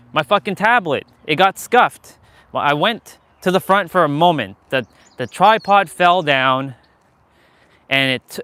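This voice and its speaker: A man's voice: a little high, pushed and bright, smooth. A man live-streaming outdoors as he walks with a gimbal camera, talking candidly, with frequent swearing, in a motivational way. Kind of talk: casual live-stream talk while walking. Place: outdoors, walking. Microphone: handheld gimbal camera.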